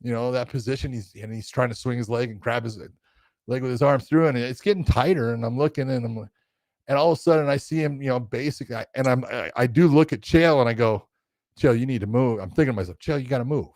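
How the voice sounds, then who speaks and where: A man casually telling a story as a podcast co-host, animated and acting out quotes with laughter. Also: mid-range voice, fast, dry recording.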